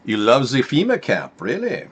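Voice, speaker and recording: A man's voice: mid-range voice, wildly swooping pitch, moderate pace, slightly rough. A man hosting a live-stream political talk show in a rambling, sarcastic manner. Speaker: host.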